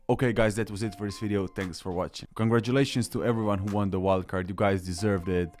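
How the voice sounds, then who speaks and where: A man's voice: lowish voice, steady tone, fast talker, few pauses. A man hosting a beatbox reaction video in hyped, slangy casual commentary. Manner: hyped, slangy, says "yo" and "bro" often. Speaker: beatbox reaction channel host. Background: faint music from the reacted video.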